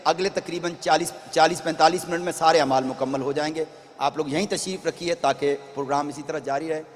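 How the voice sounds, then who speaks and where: A man making brisk announcements about the evening's program. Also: a little high, fairly even intonation. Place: mosque hall. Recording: long mosque hall reverb.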